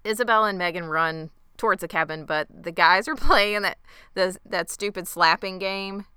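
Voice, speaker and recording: A woman's voice: medium pitch, normal speed, sharp tone, clean tone, dry recording. A woman co-hosting a podcast, recapping a TV episode in a wry, mocking way, close to the mic. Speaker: podcast co-host. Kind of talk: casual TV recap chat.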